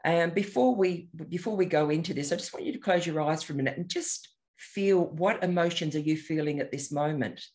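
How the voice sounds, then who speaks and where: An older man, a meditation teacher, talking in a gentle, unhurried, reflective way as he introduces a guided meditation. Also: fairly high pitch.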